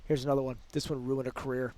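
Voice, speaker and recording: A man's voice: mid-range voice, fast talker, a little hiss or hum. Emphatic male podcast guest. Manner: energetic, emphatic, often quoting example phrases. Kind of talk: conversational coaching talk.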